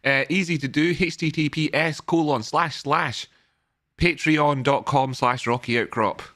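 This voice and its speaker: A man's voice: a little high, unhurried, a bit bright. A man hosting a live trading stream, chatting casually in a jokey, rambling way.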